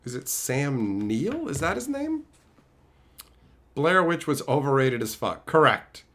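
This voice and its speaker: Slow and very animated, a Canadian man's mid-range, slightly bright voice responds to chat messages on his stream. He keeps it casual but laces his replies with sarcasm, cursing and bursts of frustration.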